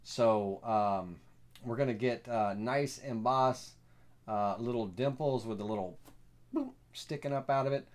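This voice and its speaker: A man with a Southern US accent hosting a live software tutorial, rambling and folksy with lots of fillers. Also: mid-range voice, unhurried. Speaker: host.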